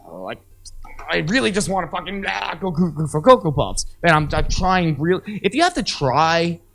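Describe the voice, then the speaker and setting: Candid, high-voiced young man. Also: expressive, normal speed, creaky, hardly any pauses, fairly bright tone, soft background music. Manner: candid, swearing, acts out quoted people. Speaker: podcast co-host. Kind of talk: casual chat.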